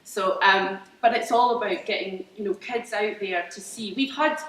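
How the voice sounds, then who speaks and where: A woman's voice: medium pitch, normal speed, fairly bright tone, slight background noise. Chatty Scottish woman in a roomy hall. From Scotland. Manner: chatty and enthusiastic, with many fillers and restarts. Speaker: farmer speaking about her agritourism business. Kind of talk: informal presentation to an audience. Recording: roomy hall, mic at a distance.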